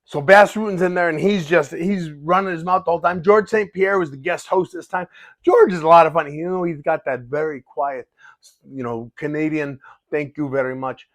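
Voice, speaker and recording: A middle-aged man who fights for a living talks into the camera in a casual vlog, eager and animated, often tripping over his own sentences. His voice sits a little high for a man. The recording is close and dry, with no room sound. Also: normal speed, no room sound. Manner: excited, animated, restarts often. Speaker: fighter and vlogger.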